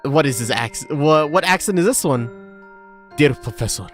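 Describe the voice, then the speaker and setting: Playful woman streamer with a low voice. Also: lively intonation, normal speed, soft background music. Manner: chatty, playful asides. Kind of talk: casual let's-play commentary.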